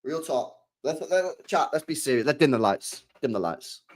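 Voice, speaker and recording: A man, chatting casually to his live-stream chat, excitable and swearing a lot, often swinging between loud and quiet. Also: a little high, normal speed.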